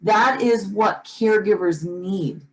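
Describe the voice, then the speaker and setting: A woman with a mid-range voice speaks at a slow pace on a rough recording. As a podcast co-host in casual chat, she's earnest and passionate, repeatedly restarting and echoing her own words when she gets fired up.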